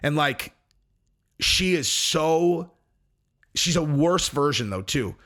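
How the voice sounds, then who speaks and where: Rambling, emphatic man with a higher voice. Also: expressive, slow pace, fairly bright tone. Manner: rambling and emphatic, many restarts and "dude". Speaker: host. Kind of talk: casual commentary.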